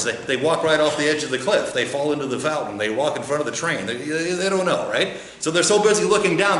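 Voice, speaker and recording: A man's voice: on the high side, fairly bright tone. American pastor guy giving a chatty sermon, lots of "right?", roomy church sound with faint hum. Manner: questioning, asks the congregation and answers himself. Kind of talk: conversational teaching sermon. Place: church sanctuary.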